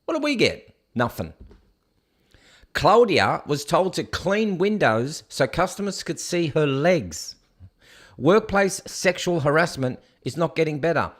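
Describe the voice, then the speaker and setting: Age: adult. Sex: man. Role: host. Style: sarcastic, scoffing news commentary rant. Pitch: slightly high, very lively. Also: slow. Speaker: show host.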